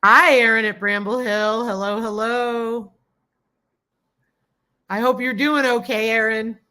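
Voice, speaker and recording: A woman's voice: fairly high pitch, fairly even intonation, takes it slowly, sharp tone. A woman hosting a casual live stream, greeting viewers by name, reading chat comments aloud and gushing with thanks. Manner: gushing and grateful toward viewers. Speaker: livestream host.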